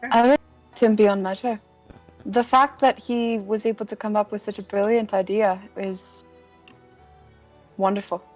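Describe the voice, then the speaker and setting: A woman's voice: medium pitch, fairly even intonation, measured pace, long pauses, highs cut off. A woman takes part in a tabletop role-playing session, speaking with keen enthusiasm and a loose habit of swearing. She has a mid-range voice, with faint music underneath. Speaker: player. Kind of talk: tabletop role-play chat.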